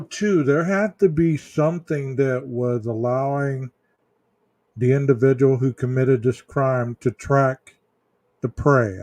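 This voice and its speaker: A man hosting a true crime livestream, chatting casually with viewers in a slow, rambling way full of ums and restarts. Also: mid-range voice, darkish tone, no room sound, muffled recording. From Texas. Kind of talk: casual livestream chat reading viewer comments.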